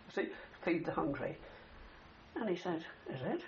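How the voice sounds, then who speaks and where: A man's voice: sits high, lively intonation, moderate pace. An older man telling a long wartime story in an interview, rambling and tagging his sentences with "you see". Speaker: interviewee, war veteran. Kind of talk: oral history reminiscence. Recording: dull older recording with faint hiss.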